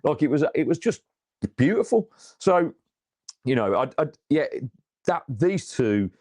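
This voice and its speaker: A man co-hosting a casual fan chat after a match, telling stories with animated, rising excitement. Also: fairly high pitch, a little slow. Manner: animated storytelling, rises in excitement. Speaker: fan channel co-host.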